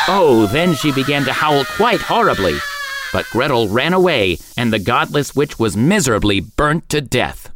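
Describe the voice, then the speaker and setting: Man, storybook narration, expressive lilting delivery, music playing clearly behind. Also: mid-range voice. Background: background music.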